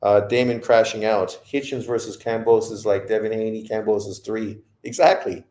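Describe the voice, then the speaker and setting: A man's voice: lowish voice, flat delivery, normal speed, a little mellow, echoey room. A man hosting a boxing livestream who rants in profane commentary. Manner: profane, ranting. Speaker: boxing show host.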